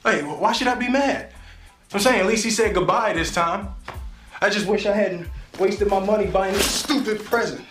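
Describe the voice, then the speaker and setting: A man's voice: high-pitched, moderate pace, echoey room, faint music behind. An actor playing a hurt, angry teenage boy abandoned by his father, talking bitterly in a sitcom drama scene. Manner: bitter, defiant, voice rising into shouts.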